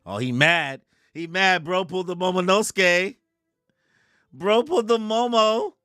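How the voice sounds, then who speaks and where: A young man reacting live to a comic chapter, reading its lines aloud in slangy, animated casual talk and laughing often. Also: sits high, takes it slowly, clear, resonant tone, no room sound, studio quality, faint music behind. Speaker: streamer reacting to a manga chapter.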